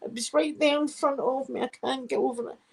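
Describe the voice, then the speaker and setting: A woman's voice: high-pitched, steady tone, brisk, gravelly, husky, voice pushed up, heavily acted. A Scottish woman doing a weepy, shaken prim lady. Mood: distraught. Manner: tearful, shaken. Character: prim traumatised middle-aged woman, weepy.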